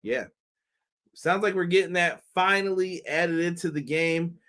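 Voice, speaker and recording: A man's voice: sits high, measured pace, a bit bright. A man hosting a casual wrestling review show, talking loosely with laughs, curses and mock voices. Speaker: wrestling podcast host.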